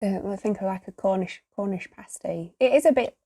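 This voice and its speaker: An English woman co-hosting a podcast cheers her friends on and laughs loudly. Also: mid-range voice, brisk, slightly rough. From England. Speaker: podcast co-host. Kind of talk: casual chat among friends.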